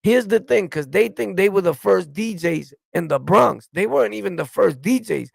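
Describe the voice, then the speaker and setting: A man's voice: sits high, animated, normal speed, vocal fry, dry recording. A man from New York City with a New York accent, hosting a stream and delivering blunt, profane, combative commentary. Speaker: streamer host. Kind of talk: ranting reaction commentary.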